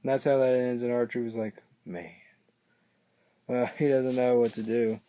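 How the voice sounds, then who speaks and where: Guy rambling thru a recap, kinda monotone, stops and restarts a lot. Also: medium pitch, fairly quick. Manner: rambling, hesitant, loses his place often. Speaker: wrestling reaction vlogger. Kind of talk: casual episode recap.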